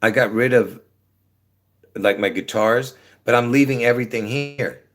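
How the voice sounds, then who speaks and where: This livestream host chats loosely with viewers from his apartment, his voice mid-range and moderately paced. His sentences tend to trail off, padded with many fillers.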